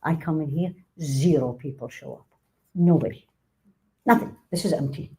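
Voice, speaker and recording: Middle-aged woman teaching faith class, warm low-toned voice, acts out quotes. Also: normal speed, a little hiss or hum, low-quality recording. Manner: animated, acts out quoted speech, laughs often. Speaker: Islamic teacher. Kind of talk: religious lecture to a live class.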